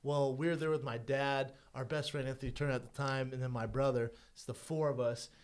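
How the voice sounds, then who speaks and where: A man co-hosting a podcast in a studio, telling stories in an animated and profane way. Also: medium pitch, a little fast, clear, resonant tone. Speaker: podcast co-host. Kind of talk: casual chat.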